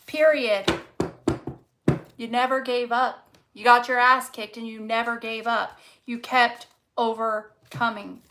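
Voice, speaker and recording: A woman's voice: on the high side, fairly even intonation, slow, a bit bright, slight background noise, poor audio. A woman reading tarot cards casually to camera, fervent and encouraging, swearing freely and repeating words for emphasis. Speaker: tarot reader.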